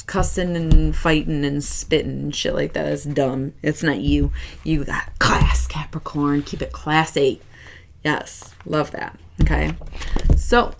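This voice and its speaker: A woman reads tarot in a loose, talkative way, blunt and quick to swear. Her voice sits a little low and has a gravelly fry to it. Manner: chatty, candid, swears freely. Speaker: tarot reader. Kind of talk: casual tarot reading monologue.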